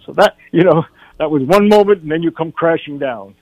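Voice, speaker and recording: An older man, a film director, telling stories as a guest in a radio studio interview, animated and acting out what people said. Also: on the high side, normal speed, no room sound, muffled recording. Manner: animated anecdote teller, acts out quotes.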